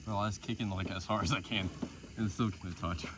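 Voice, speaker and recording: A man's voice: on the low side, fairly even intonation, fast talker, roomy sound, background noise. A young man chatting casually outdoors on a lake, laid-back and joking, heard from the camera some distance away. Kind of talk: casual outdoor vlog chat.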